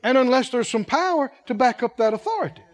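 A man preaching a sermon, keeping it animated and asking the congregation one rhetorical question after another. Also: very high voice, quick pace.

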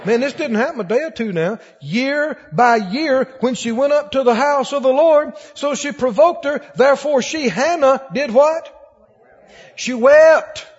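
In a church full of lingering reverb, a man with a very high voice preaches with stirring emphasis at an ordinary pace, questioning his congregation as he goes. The recording has a dull quality.

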